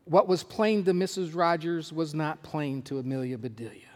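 A man's voice: a little high, normal speed, darkish tone. Earnest male preacher in a reverberant hall. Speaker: pastor. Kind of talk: sermon with a storybook reading.

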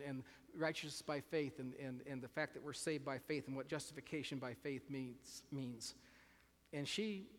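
A man with a slightly high voice preaches a sermon in an earnest, searching way. He often restarts his phrases, repeats words, and puts questions to his listeners. The sound carries a long reverb, as if he is recorded in a large hall. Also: fairly bright tone.

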